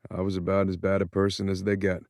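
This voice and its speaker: Guy playing a remorseful ex-con dad, deep and quiet, halting, dry close audiobook sound. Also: completely flat delivery, creaky, no room sound. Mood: subdued. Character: ex-convict father, older man, subdued, remorseful. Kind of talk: audiobook character voice.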